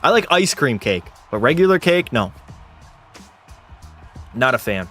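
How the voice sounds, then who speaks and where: A man's voice: mid-range voice, a little slow, soft background music. A young man from Canada streaming a hockey game, calling plays like a sportscaster and bantering casually with chat, swearing now and then. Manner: excitable, mock sportscaster calls mixed with casual swearing. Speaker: gaming streamer. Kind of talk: live play-by-play commentary and chat banter.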